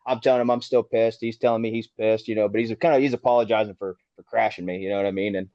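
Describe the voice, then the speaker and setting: A man's voice: on the low side, steady tone, quick pace, warm tone, no room sound. A man, a race car driver who is a podcast guest, telling a story casually with lots of swearing, and acting out heated quotes. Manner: profane, rambling, acts out heated quotes. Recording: dull dry lo-fi sound.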